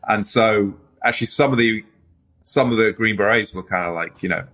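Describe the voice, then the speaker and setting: This middle-aged man speaks with a British accent and a fairly low voice, sitting as a guest on a casual podcast. He talks easily and rambles a little, filling his pauses with "um" and "you know". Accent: British English. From Britain. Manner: relaxed, rambling with frequent fillers. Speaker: author and journalist guest.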